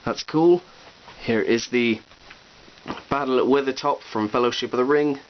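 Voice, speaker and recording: A man's voice: medium pitch, normal speed. Upbeat man, casual show-and-tell, muffled cheap-camera audio, faint hiss. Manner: chatty and upbeat, with playful asides. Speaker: toy collection vlogger. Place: room at home with display shelves. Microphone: cheap digital camera.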